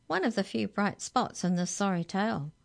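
A woman's voice: medium pitch, expressive, moderate pace, gravelly, voice pushed up. A woman voicing the Tooth Fairy, a mouse who speaks in a formal, long-winded way. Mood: aggrieved.

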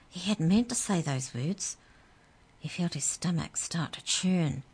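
A woman reading a children's story aloud in a calm, measured way. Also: lowish voice, husky.

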